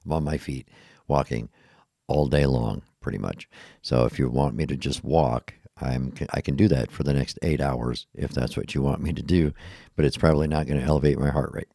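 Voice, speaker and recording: A man's voice: extremely low pitch, steady tone, normal speed, gravelly, dark tone, no echo, studio quality. A middle-aged man talking tiredly in a rambling, self-deprecating podcast monologue, laughing at himself often. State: tired, yawning. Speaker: podcast host. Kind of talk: casual monologue.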